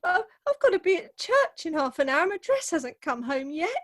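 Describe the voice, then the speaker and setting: Weepy, melodramatic young bride in a comic radio play, played by a woman with a very high voice. She wails and frets, her voice climbing even higher. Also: moderate pace. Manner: wailing, melodramatic. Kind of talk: Zoom radio play acting.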